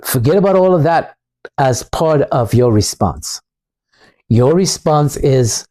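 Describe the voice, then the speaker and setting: A man's voice: medium pitch, expressive, slow pace, warm tone. A man giving a blunt, off-the-cuff motivational talk, repeating himself in a combative way. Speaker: channel host.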